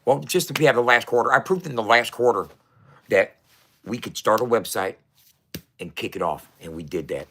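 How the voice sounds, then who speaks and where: A man talking casually to camera, profane and excitable, often restarting his sentences. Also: on the low side, brisk, slight background noise. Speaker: vlogger.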